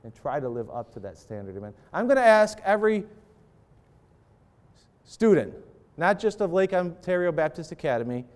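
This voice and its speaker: A man's voice: a little high, big pitch swings, normal speed, long pauses, darkish tone. A man preaching a sermon to parents and students, with an impassioned delivery that swells and drops as he acts out prayers. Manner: impassioned preaching, voice rising and falling for acted prayers. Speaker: pastor.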